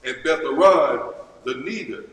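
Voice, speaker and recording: A man in a study group reading scripture aloud, steady and careful. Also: a little high, measured pace. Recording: distant voice in an echoey hall.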